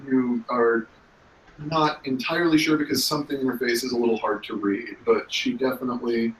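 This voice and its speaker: A man's voice: mid-range voice, fairly even intonation, fairly quick, slight background noise. A man as game master narrating a tabletop role-play, casual with lots of filler words. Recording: roomy, distant mic.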